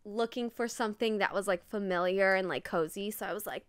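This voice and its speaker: A woman's voice: mid-range voice, fairly quick, smooth, no room sound. A young woman co-hosting a casual chat podcast, telling stories animatedly with lots of giggles and "like". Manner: animated storytelling, giggly, says "like" often. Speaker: podcast co-host.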